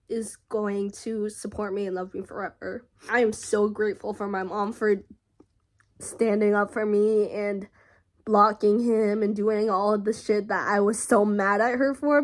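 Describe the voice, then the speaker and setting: A young woman vlogger telling a personal story in a halting, emotional way, with frequent fillers and pauses. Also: on the high side.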